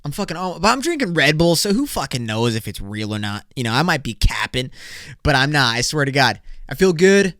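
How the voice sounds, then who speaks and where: A young man in his twenties hosting a solo podcast, rambling, profane and high energy. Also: very animated, brisk, bright, forceful tone, no echo, studio quality. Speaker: podcast host.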